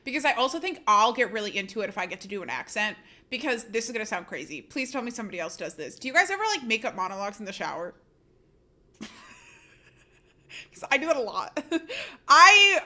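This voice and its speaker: A woman streamer chatting casually with her viewers, animated, laughing often and swearing freely. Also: mid-range voice, fast talker. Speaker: live streamer.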